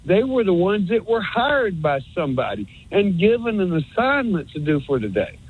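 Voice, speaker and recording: A man's voice: sits high, sing-song, moderate pace, slightly rough, narrow, tinny audio. A man calling in to a sports talk show, rambling in a folksy, sarcastic way and stumbling over repeated words. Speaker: caller. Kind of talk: rambling call-in rant.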